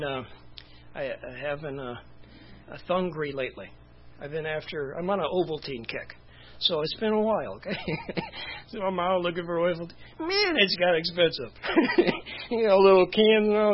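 A man's voice: high-pitched, dull audio, a little hiss or hum. A man preaching a casual, conversational sermon as pastor, with chuckles and asides.

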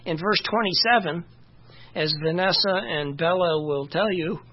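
A Bible teacher talks through scripture in a loose, conversational way, often leaning on "you know" and stopping to find the right verse. The voice is husky and a little breathy. It comes through a dull, lo-fi recording. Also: medium pitch, measured pace. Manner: informal, many "you know" fillers, stops to check verses.

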